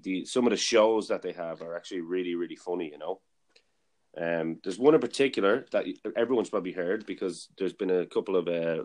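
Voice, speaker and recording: Male podcast host, lower voice, loose chatty storyteller. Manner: rambling storyteller, many fillers and restarts. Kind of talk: casual chat.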